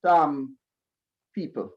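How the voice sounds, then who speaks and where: Jamaican man, school concert emcee, unhurried animated storyteller, dull lo-fi recording. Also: a little high. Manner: lively storyteller who acts out quoted voices. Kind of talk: speech to students at a school concert.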